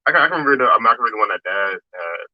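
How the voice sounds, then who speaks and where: A man's voice: lowish voice, animated, very fast, no room sound, highs cut off. A man co-hosting a casual podcast, joking loosely in slang and laughing. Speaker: podcast co-host.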